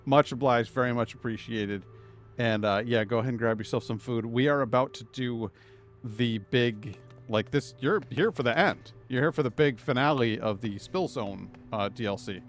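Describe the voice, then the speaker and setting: A man's voice: mid-range voice, moderate pace, soft background music. A man streaming a game live, chatting casually and rambling through jokes and puns as he plays. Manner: rambling, jokey, punning. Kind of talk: casual live gameplay commentary.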